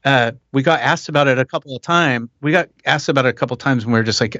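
A man hosting a podcast in casual chat, animated and talking with his hands. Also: mid-range voice, quick pace, no echo, highs cut off. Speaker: podcast host.

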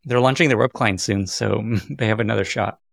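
A man hosting an interview, asking calm, curious questions. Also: on the low side, brisk, gravelly, dry recording, clean studio sound. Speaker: podcast host. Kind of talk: conversational interview.

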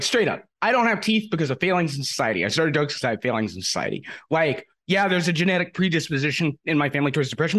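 Podcast host, male, higher voice, animated delivery, furious swearing rant. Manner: angry ranting, heavy swearing. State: upset to the point of tears. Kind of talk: casual chat.

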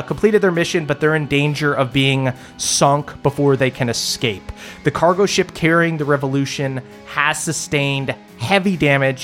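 A man's voice: a little high, fairly bright tone. A man narrating a tabletop game as game master, descriptive and using many filler words.

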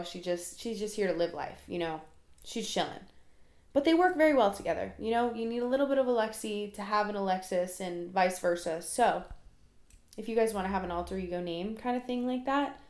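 A woman's voice: medium pitch, echoey room. Chatty rambling young woman podcaster. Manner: rambling, chatty, self-deprecating. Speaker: podcast host. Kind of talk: casual solo podcast monologue.

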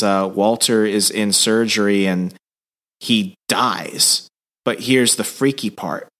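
A man co-hosting a casual podcast, recapping a story in an animated way. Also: lowish voice. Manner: animated storyteller, slips into voices. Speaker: podcast co-host. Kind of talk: casual chat, recapping a comic.

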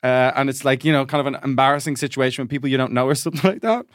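A man's voice: medium pitch, rapid-fire, dry recording, clean studio sound. An Irish man co-hosting a comedy podcast, telling stories in casual chat and acting out the other people's lines. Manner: animated storyteller acting out voices. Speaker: podcast co-host.

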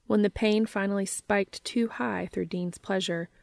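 A woman reading a story aloud in steady, measured narration. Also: medium pitch, vocal fry, no echo. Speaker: reader.

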